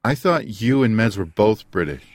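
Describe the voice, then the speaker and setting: A man's voice: fairly low pitch, lively intonation, normal speed, no room sound. A man in a casual podcast chat, joking wryly and laughing at his own lines. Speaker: podcast co-host.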